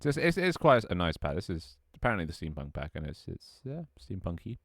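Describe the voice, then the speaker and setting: Very deep-voiced man streaming gameplay. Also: sing-song, a little fast, no echo, clean studio sound. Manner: rambling, swears freely, reacts to chat. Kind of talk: casual gameplay livestream commentary.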